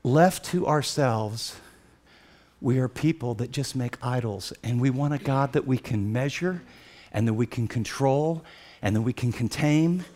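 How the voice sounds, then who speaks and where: A man preaching a sermon, retelling scripture as vivid dramatic storytelling and swinging from hushed, slow passages to loud, excited ones. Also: medium pitch.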